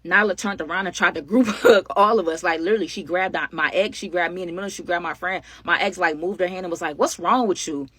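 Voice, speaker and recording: A young woman telling a story in casual, animated talk, speaking straight to her viewers. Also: fairly low pitch, quick pace, hardly any pauses, breathy edge, dry recording. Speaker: storytime vlogger.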